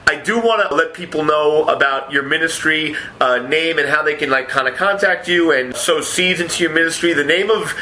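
A man's voice: a little high, fairly quick, few pauses, bright, forceful tone, slight background noise. A man hosting a faith podcast, enthusiastic and full of fillers. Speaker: podcast host. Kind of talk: casual interview chat.

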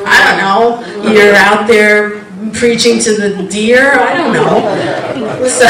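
A woman's voice: medium pitch, slow, fairly bright tone, a little hiss or hum. A woman giving an informal faith testimony. She rambles, interrupts herself and laughs often as she tells her stories. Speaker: Christian speaker sharing a testimony. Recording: roomy, distant mic.

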